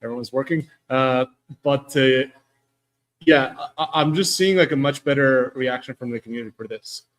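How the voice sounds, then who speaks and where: A man's voice: mid-range voice, normal speed, a bit bright. Man chatting casually from home. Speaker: guest panelist. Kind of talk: casual tech chat. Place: at home with landscaping work outside.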